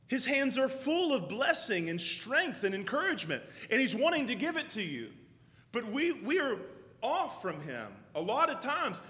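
A man's voice: very high-pitched, very animated, measured pace, sharp tone. Man, pastor, emphatic repetitive preaching, sermon, church with long echo. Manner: emphatic preaching with repeated phrases.

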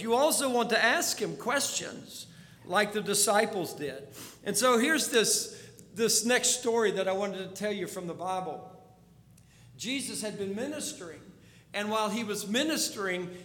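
A man preaching a sermon as a storyteller, dropping to a hush and then rising to urgent pleas. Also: sits high. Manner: storytelling, swings from hushed to urgent. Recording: long hall reverb.

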